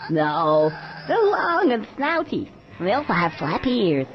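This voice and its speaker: A man voicing a cocky young male squirrel in a video game, sarcastic and quick with a comeback. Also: sits high, wildly swooping pitch, muffled recording, exaggerated voice.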